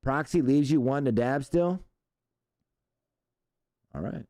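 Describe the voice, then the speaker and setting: A man's voice: mid-range voice, slow, warm tone, dry recording. A man hosting a live stream, chatting loosely and profanely while he reads out viewer comments. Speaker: show host.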